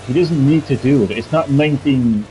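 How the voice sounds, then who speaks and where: A man's voice: medium pitch, normal speed, warm tone, faint music behind, rough recording. An Irish man giving casual, rambling gameplay commentary while answering chat as a streamer. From Ireland. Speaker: gaming streamer.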